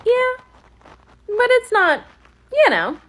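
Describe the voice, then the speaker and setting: A woman recounting a storytime in a brisk, urgent way. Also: very high-pitched, very animated, a bit bright. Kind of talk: storytime narration.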